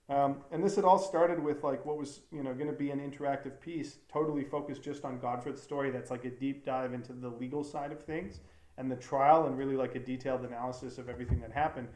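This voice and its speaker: A man with a slightly higher voice talks at length in a casual interview, rambling earnestly through many fillers and restarts. He speaks as a documentary filmmaker. The sound is roomy and echoey. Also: a little mellow. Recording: roomy echo.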